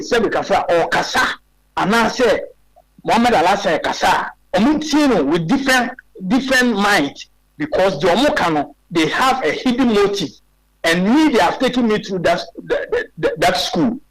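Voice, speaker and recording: A man's voice: high-pitched, a bit bright, low-quality recording. A man in his forties with a Ghanaian accent, a guest on a radio talk show, making his case emphatically and firing off rhetorical questions. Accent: Ghanaian English. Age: 40s.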